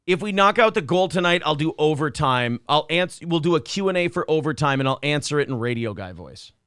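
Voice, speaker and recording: A man's voice: on the high side, lively intonation, a little fast, fairly bright tone, smooth, dry recording, clean studio sound. A man, hosting a show in casual chat, joking loosely and reading donor messages. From Minnesota. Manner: joking, loose, many fillers. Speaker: show host.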